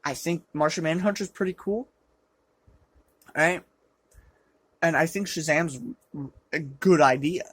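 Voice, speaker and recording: An exasperated reviewer tears into a film with sarcasm and loud outbursts, yet keeps a measured pace and pauses often. By their own account the voice is rough, and the dry recording was made on a low-quality camera.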